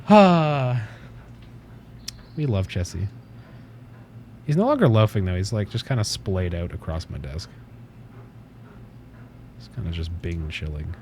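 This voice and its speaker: A man's voice: deep voice, darkish tone, a little hiss or hum. A man hosting a casual livestream from his desk at home, rambling, swearing offhandedly and cooing at his cat. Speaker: livestream host.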